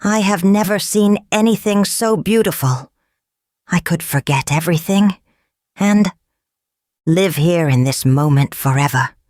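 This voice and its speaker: A woman's voice: fairly low pitch, unhurried, a little mellow, no room sound, clean studio sound, natural voice. A woman voicing an earnest young male nobleman in a storybook, with a slightly raised voice. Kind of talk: storybook character voice.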